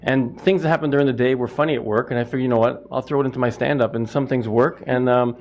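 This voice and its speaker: A man's voice: medium pitch, steady tone, fast talker, a little mellow, dull audio. A middle-aged man from Canada, a stand-up comic and butcher, answering interview questions in a rambling, self-interrupting way.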